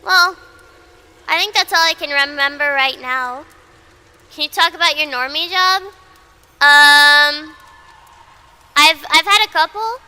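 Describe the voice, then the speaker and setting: A woman's voice: high-pitched, a little slow, pauses often, pushed and bright. A woman VTuber in casual livestream chat who rambles, repeats herself, swears freely and mocks herself bluntly. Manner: blunt and self-mocking. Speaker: VTuber streamer.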